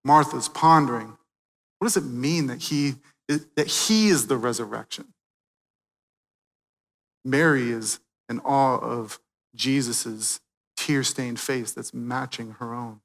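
A man preaching a sermon, swinging from loud, emphatic peaks to quiet, hushed moments. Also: mid-range voice, slow, vocal fry, long pauses, long reverb tail. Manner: dynamic preaching, swelling loud then dropping soft.

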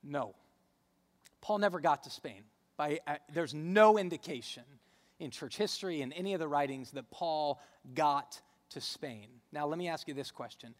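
A man's voice: a little high, expressive, moderate pace. Preaching man in a reverberant hall. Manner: conversational, storytelling, rising emphasis on key points. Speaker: pastor. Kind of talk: sermon.

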